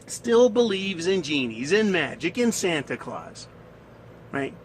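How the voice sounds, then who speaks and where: A man's voice: sits high, sing-song, slow pace, a little hiss or hum, poor audio. Coarse scornful man ranting. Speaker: commentator. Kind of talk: profane ranting monologue.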